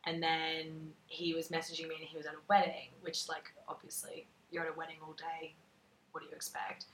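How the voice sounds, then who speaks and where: A woman's voice: low voice, completely flat delivery, brisk, a bit bright, slight background noise. A young woman co-hosting a podcast, chatting casually, often laughing and acting out what people said. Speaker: podcast co-host. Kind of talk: casual chat. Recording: echoey room.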